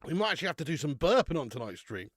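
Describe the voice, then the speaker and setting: A chatty young man on a live stream, his voice rising and falling a lot as he banters with viewers. His voice sits a little high for a man, and the sound is dry and close, with no room echo. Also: very animated, racing, fairly bright tone. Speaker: live-stream beer reviewer. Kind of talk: casual live-stream chat.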